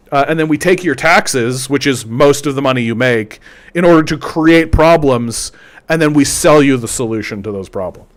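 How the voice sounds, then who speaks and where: A man delivers a political commentary monologue, ranting in a sarcastic way. He trips over his words and repeats himself as he pushes his points. His voice sits a little higher than most men's. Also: animated, moderate pace. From Canada.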